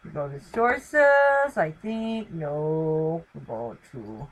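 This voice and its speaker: A woman's voice: deep voice, lively intonation, drawn-out words, poor audio. A middle-aged woman hosting her own channel, chatting casually from home and rambling with lots of fillers. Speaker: channel host. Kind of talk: casual live-stream sign-off chat. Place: home, talking to camera with her dog.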